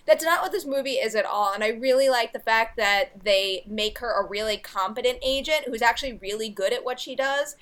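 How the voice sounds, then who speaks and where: A woman with a slightly high voice talks eagerly about films she has seen. She is blunt and swears casually, with an upbeat, chatty delivery. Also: a little fast, hardly any pauses, fairly bright tone. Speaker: podcast co-host. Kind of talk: casual chat about upcoming movies.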